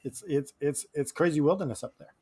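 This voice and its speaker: A man from Canada co-hosting a casual podcast, chiming in with relaxed, joking comments. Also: fairly high pitch, brisk, slightly rough. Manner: laid-back, joking asides. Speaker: podcast co-host. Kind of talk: casual chat.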